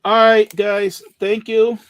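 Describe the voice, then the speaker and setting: A man's voice: high voice, flat delivery, takes it slowly, slight background noise. A man telling a long, rambling story in casual chat, with many restarts and trailing asides.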